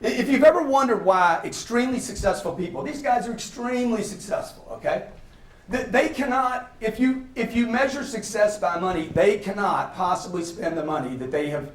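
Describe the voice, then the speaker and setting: A man, giving an energetic motivational sales lecture and constantly checking in with his audience. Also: sits high, normal speed. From Louisiana, US. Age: 50s. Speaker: guest lecturer. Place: packed lecture hall. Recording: echoey hall from far off.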